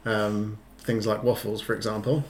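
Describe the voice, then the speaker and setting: A man chatting casually, amused and lightly teasing, with some halting restarts. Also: fairly low pitch, little pitch movement, slight background noise. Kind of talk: casual chat.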